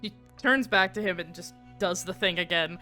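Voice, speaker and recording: A woman playing a tabletop role-playing game, casually describing her character's actions and speaking her lines quietly. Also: on the low side, moderate pace, faint music behind. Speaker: player.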